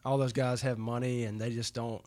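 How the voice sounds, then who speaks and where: A mid-pitched man tells a story in a relaxed interview, stacking fillers and restarting his sentences. His telling is loose and animated. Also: brisk. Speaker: guest, professional baseball player.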